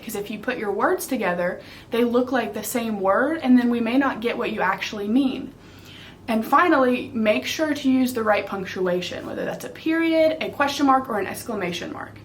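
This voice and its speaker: A woman's voice: fairly high pitch, slight background noise. A young woman teacher giving a patient, step-by-step writing lesson for young children. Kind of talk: early-grade writing lesson.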